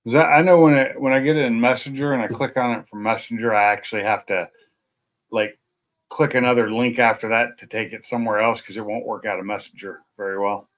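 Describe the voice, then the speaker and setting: This male stream host chats casually at home at night, rambling in an easygoing, self-deprecating way. His mid-range voice is medium in pitch and fairly bright, with fairly even intonation and a fairly quick pace.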